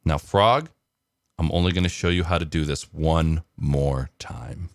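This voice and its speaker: A man voicing a calm, matter-of-fact male store clerk in a told joke. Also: very deep voice, measured pace, no echo, clean studio sound. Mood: assured.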